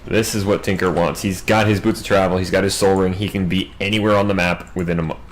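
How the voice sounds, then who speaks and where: A man doing solo play-by-play game commentary, racing through big fights and dropping wry asides in quiet moments. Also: low voice, a little hiss or hum, poor audio. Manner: quick, excitable calls in big plays, wry asides in lulls. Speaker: match commentator.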